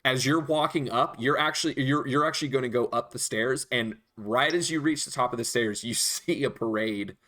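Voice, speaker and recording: A man narrating a tabletop game as dungeon master, animated and quick to laugh. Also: medium pitch.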